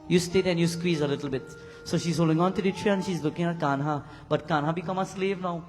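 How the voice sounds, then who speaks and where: A man's voice: fairly high pitch, fast talker. A man, a pundit, animatedly telling a devotional story at a religious gathering. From Trinidad. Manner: animated storyteller, acts out voices. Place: temple hall at a religious gathering. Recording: reverberant hall with keyboard music.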